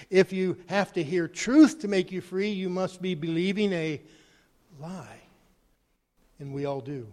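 A man preaching a sermon, animated, swinging between loud emphasis and quiet, hushed asides. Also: high voice, slow, pauses often. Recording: long hall reverb.

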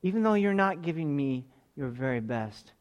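A man with a high-pitched voice preaching a sermon. He speaks emphatically, pressing his listeners with direct questions. He swings from loud, urgent exhortation to soft, close asides. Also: lively intonation, normal speed, muffled recording. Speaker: pastor.

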